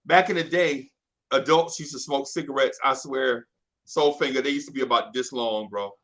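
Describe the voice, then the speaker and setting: A man telling a childhood story in casual chat, animated and slangy, often laughing. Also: mid-range voice, moderate pace. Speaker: podcast storyteller.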